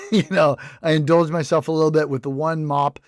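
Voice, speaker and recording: A man's voice: fairly high pitch, little pitch movement, normal speed, no echo, clean studio sound. A man co-hosting a snack podcast in casual chat, rambling and jokey with many restarts. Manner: rambling, self-interrupting, jokey bits. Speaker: podcast co-host.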